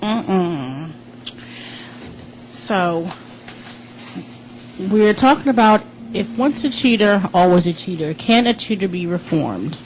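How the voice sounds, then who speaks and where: Slow-talking woman talk radio host. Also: mid-range voice, expressive, slight background noise, rough recording. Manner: unhurried, conversational.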